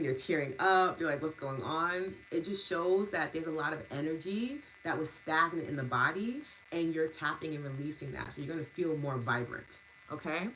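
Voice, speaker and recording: Low-voiced woman, gushing and warm. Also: gravelly, slight background noise, low-quality recording. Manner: warm, gushing, laughs often, lots of fillers. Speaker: EFT and meditation host. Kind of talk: live-stream wrap-up, reading chat comments.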